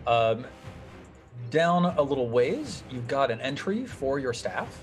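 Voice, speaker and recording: A man running an old-school tabletop game as game master, upbeat and animated as he narrates and cheers on the players. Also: medium pitch, slow pace, soft background music.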